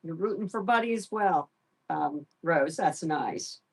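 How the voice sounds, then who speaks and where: Middle-aged woman host, lively sing-song pitch, soft baby talk to a pet, casual chat with viewers. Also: unhurried, husky. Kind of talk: casual live-stream chat.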